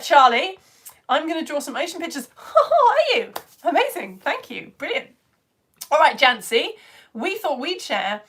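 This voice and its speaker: Woman, bubbly live-stream teacher, fairly high voice, chatty with whispered asides, slightly strained throat. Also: fairly bright tone. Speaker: online science teacher. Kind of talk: live-stream chat reading comments.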